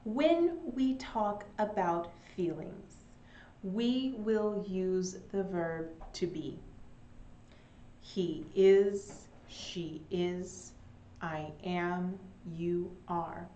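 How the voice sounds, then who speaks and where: Young woman English teacher, slow and animated delivery, echoey home room. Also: fairly low pitch, lo-fi sound, slight background noise. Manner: slow and animated, with Spanish glosses. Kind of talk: online English lesson.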